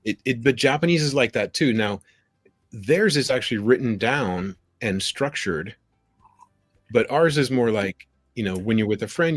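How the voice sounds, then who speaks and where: A man speaking as a guest on a live stream, telling anecdotes in an animated way and acting out little quoted lines. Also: mid-range voice, moderate pace, dry recording, faint music behind. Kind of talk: conversational live stream chat.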